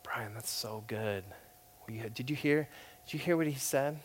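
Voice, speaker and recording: A man imitating a soft-spoken older male professor who talks in a gentle, near-whispered voice and praises people warmly. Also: mid-range voice, normal speed, a little hiss or hum, close to an everyday voice. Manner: warm, encouraging, drawing listeners in.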